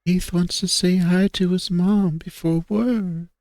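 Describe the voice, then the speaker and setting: A man's voice: high-pitched, steady tone, takes it slowly, darkish tone, no room sound, studio quality, voice pushed up. A man voicing a dopey, childish young woman who puts on a snooty air, reading a furry visual novel aloud. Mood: eerie. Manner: whiny, childlike, sing-song.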